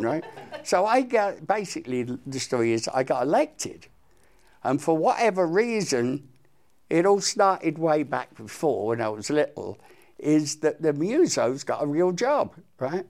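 A man's voice: on the high side, unhurried, creaky. An older man, a musician, animatedly telling stories as an interview guest. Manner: animated, excitable anecdote telling. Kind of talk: storytelling interview.

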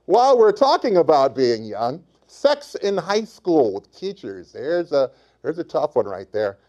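A man hosting a comedy podcast, talking in a goofy, self-mocking way with sudden shouted bursts. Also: a little high, sing-song, unhurried. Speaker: podcast host. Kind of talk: comedic monologue and chat.

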